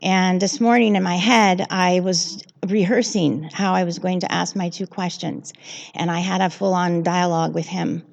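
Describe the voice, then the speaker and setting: A woman's voice: on the low side, steady tone, normal speed, creaky, muffled recording. A woman reading at a church service, telling a personal story in a heartfelt, earnest way. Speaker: service reader. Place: church sanctuary.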